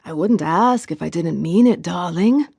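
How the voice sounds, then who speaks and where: A woman reading the lines of an easygoing young man who coaxes and teases his girlfriend warmly. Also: on the low side, expressive, moderate pace, no room sound, studio quality. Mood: coaxing. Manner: warm, coaxing, teasing.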